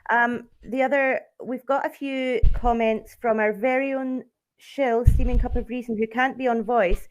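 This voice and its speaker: A woman's voice: on the high side, fairly even intonation, normal speed. Easygoing woman reading the chat. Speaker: livestream co-host reading the chat. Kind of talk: casual livestream chat.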